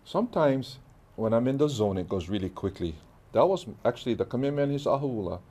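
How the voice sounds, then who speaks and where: His voice is medium-pitched and mellow, animated and fast. This middle-aged Hawaiian guest artist, with a Hawaiian accent, tells lively stories in a casual interview and acts out the dialogue.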